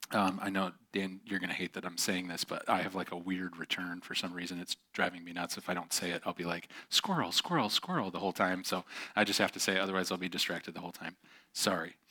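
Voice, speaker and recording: A man preaching in a relaxed, conversational way, full of asides and acted-out voices. His tone is bright and forceful, recorded close and dry with no room sound. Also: deep voice, no echo. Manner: animated, acts out quoted voices. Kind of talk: casual sermon with storytelling.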